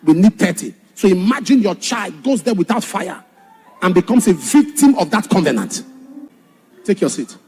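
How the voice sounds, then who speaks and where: A man preaching a sermon and telling a personal testimony, dramatic, shouting some points and dropping low on others. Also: big pitch swings, moderate pace, faint music behind. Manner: dramatic, shouts for emphasis then drops low. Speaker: pastor.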